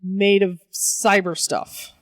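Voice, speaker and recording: A woman's voice: medium pitch, fairly even intonation, slow, dry recording. Woman co-host, casual and crude, mid-range voice, dry close recording, acts out the characters while recapping. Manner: irreverent, profane, recaps plots by acting out characters. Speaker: podcast co-host. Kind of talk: casual comic-book chat.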